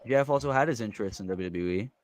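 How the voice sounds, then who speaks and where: A man hosting a live watch party, reacting in an excitable, casual way and swearing now and then. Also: lowish voice, a little hiss or hum. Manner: excitable, swears, quick exclamations.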